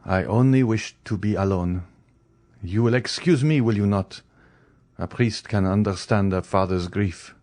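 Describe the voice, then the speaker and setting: A man's voice: fairly low pitch, a little slow, darkish tone, no echo, close to an everyday voice. A man voicing a grieving, stern magistrate who talks in a formal, weary way.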